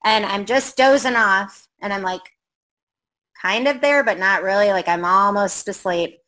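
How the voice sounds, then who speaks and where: A middle-aged woman with a bright, lively tone tells a ghost story in casual conversation. She rambles with fillers and slips into the voices of the people she quotes. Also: mid-range voice, unhurried, poor audio. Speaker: guest telling a ghost story.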